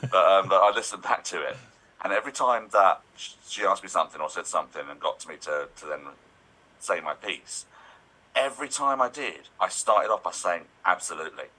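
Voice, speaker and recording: A man's voice: low-pitched, lively intonation, fairly quick, pushed and bright, poor audio. A man telling stories as a podcast guest, rambling with many fillers and restarts. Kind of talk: casual podcast chat.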